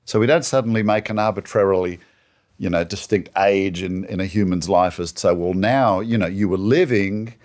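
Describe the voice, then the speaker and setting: Deep-voiced man explaining scripture. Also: normal speed, darkish tone. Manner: earnest, explanatory, leans on "you know". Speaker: co-host of a Bible teaching show. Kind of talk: conversational Bible discussion.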